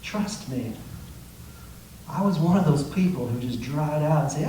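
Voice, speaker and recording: Speaking at normal speed in a fairly high, slightly mellow and expressive voice, a male pastor delivers a fervent sermon, voicing quotes. The sound comes from a distant mic in a reverberant sanctuary, with faint noise.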